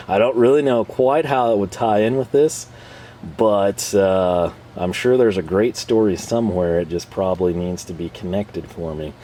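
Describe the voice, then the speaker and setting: A man's voice: on the low side, measured pace, mellow, a little hiss or hum. A man casually reviewing tools for his channel, rambling and self-deprecating with frequent chuckles. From North America. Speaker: tool reviewer and channel host.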